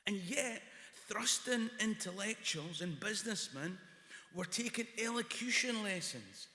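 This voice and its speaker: A Scottish man tells a comic story live, his voice high and bright as he acts out both ends of a phone call. The sound carries the echo of a large hall, with a long reverb trailing each line. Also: expressive, measured pace. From Scotland. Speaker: comedian and storyteller.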